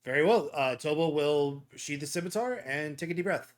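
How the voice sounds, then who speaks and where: A man's voice: a little high, normal speed. A man playing a character in a tabletop game, speaking earnestly in character and describing his own actions. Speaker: player.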